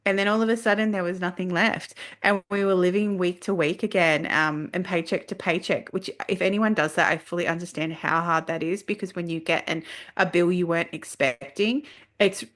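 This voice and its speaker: A woman speaks as a podcast guest. Her voice sits a little low. She tells her story with energy and plays out her own past lines as she goes. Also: steady tone, fairly quick, a bit bright. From Australia. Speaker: guest, leadership coach. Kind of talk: casual podcast conversation.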